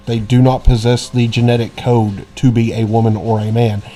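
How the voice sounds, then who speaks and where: A young man co-hosts a casual podcast, speaking bluntly and swearing freely. His voice sits at an ordinary middle pitch, and his talk is loose, joking banter. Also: little pitch movement, moderate pace, warm tone. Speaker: podcast co-host.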